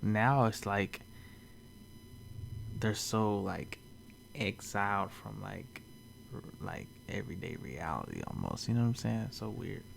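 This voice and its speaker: Man, low voice, gravelly, chatty, faint noise. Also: sing-song, measured pace, pauses often. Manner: loose and chatty, full of "like" and "you know what I'm saying". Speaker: reaction video host. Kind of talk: casual reaction commentary.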